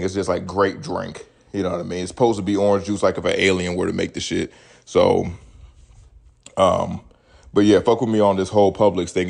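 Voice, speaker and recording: Man in his thirties, podcast host, gravelly voice, lowish pitch, profane rambling commentary. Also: darkish tone. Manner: profane, rambling, reads news stories aloud and riffs on them. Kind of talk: casual solo podcast commentary.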